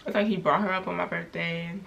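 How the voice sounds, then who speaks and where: A young woman speaks straight to her viewers in a casual vlog, her low voice carrying a gravelly fry. She talks candidly and loosely, full of "like" and "you know", circling her thoughts as she goes. A faint hiss sits under the recording. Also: steady tone, a little fast, fairly bright tone, lo-fi sound. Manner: candid, rambling with many fillers. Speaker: vlogger.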